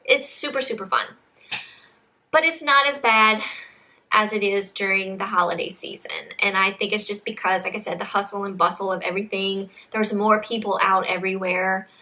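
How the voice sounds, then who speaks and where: A woman's voice: medium pitch, fairly even intonation, normal speed, bright, forceful tone. A young woman chatting casually to camera as a book vlogger, rambling with frequent restarts and saying y'all.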